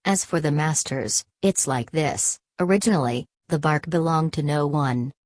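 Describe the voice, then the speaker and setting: A woman voicing an ancient, weary male ghost of a hunter in a read-aloud story, in a calm, measured way. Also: deep voice, no echo, lightly acted. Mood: solemn.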